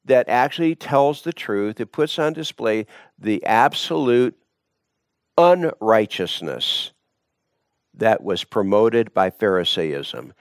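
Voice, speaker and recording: A man preaching a sermon, emphatic and repetitive, building his points through deliberate repetition. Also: lowish voice, big pitch swings, dry recording, studio quality.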